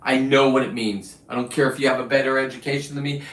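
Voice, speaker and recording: A man's voice: mid-range voice, fairly even intonation, quick pace, a bit bright. Profane combative man in a roomy space. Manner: combative, boastful, swearing. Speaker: show host. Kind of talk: profane ranting monologue. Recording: roomy, distant from the mic.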